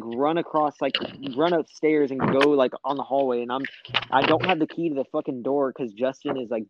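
A man's voice: mid-range voice, dull audio. A young man telling a long story in casual chat, rambling with lots of fillers and swearing.

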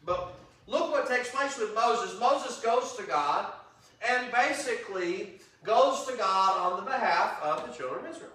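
High-voiced animated male preacher. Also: unhurried. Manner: animated, acts out God's angry voice, rising to shouts. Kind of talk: interactive Bible teaching sermon. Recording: roomy echo, voice from a distance.

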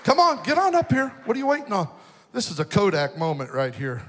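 A man preaching a youth sermon, joking through personal stories and rising into shouted preaching before a live audience. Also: high-pitched, huge pitch swings, brisk, long reverb tail, a faint crowd, slight background noise. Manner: jokey storytelling, building to shouted preaching. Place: large hall with an audience.

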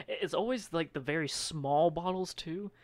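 A man's voice: fairly high pitch, unhurried. Joking man in profane banter. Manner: joking, profane, laughs often. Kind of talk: casual podcast banter.

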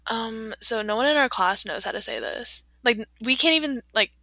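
Teenage girl, bright voice, slightly high, chatty, casual podcast talk, dry sound. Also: lively intonation, normal speed, no echo. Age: teens. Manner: chatty, lots of "like", laughs often. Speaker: podcast co-host. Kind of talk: casual chat.

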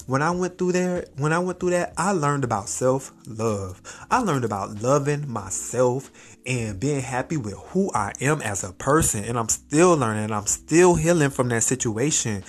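A man hosting a podcast, talking casually and encouragingly straight to the listener in an expressive motivational monologue, his pitch jumping up as he gets animated. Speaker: podcast host.

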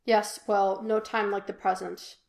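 A woman voicing a reserved, formal young man who speaks in measured, precise phrases, in an echoey room. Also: medium pitch, flat delivery, creaky, darkish tone. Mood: earnest.

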